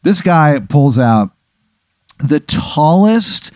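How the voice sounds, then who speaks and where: A man narrates a tabletop story as game master. He rambles and swears, and his pitch swings widely as he goes. The voice sounds close and dry. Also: drawn-out words, no room sound. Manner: animated, rambling, profane narration.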